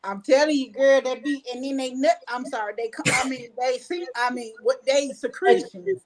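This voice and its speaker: A woman's voice: high-pitched, normal speed, poor audio. A woman co-hosting an online talk show, blunt and bawdy in casual chat. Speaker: co-host.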